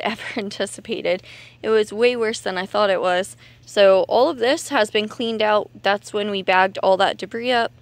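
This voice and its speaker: A woman in her thirties, a little out of breath, chatting and thinking aloud as she films her yard work outdoors on a handheld camera. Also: medium pitch. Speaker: homesteading vlogger. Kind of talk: casual outdoor vlog narration. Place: outdoors in a yard clearing brush.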